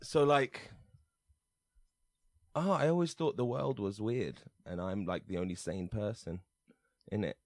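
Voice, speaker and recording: A man's voice: lowish voice, a little slow, pauses often, no echo, clean studio sound. A British man co-hosting a comedic radio show, playful and giggly, with theatrical introductions. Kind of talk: casual comedic chat.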